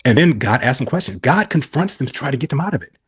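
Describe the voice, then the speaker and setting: A man's voice: mid-range voice, very animated, quick pace, slightly rough. A middle-aged man on a podcast explaining scripture, asking and answering his own questions. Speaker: podcast guest.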